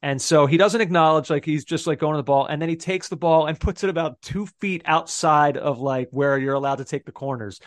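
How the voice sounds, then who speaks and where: A man's voice: fairly high pitch, fairly quick, few pauses, dry recording, clean studio sound. A man co-hosting a football podcast, talking in an enthusiastic, casual way and laughing often. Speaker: podcast co-host.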